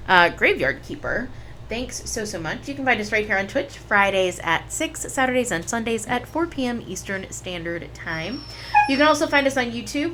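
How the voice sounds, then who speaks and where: A woman's voice: mid-range voice, slight background noise. A young adult woman streaming a video game at home, chatting casually and talking to her pet. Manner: chatty, talks to her pet in a soft coaxing voice.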